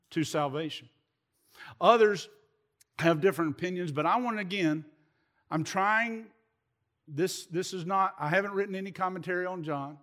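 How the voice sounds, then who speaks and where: A man preaching an animated sermon to his congregation, often repeating words and dropping in folksy asides. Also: fairly high pitch. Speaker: pastor.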